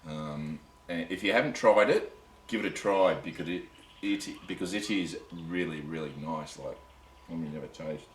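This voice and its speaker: Australian man, very deep voice, casual rambling vlog chat, tired, roomy echo. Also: normal speed. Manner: rambling, self-interrupting, chatty. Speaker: camping vlogger. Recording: echoey and distant with faint ambient noise.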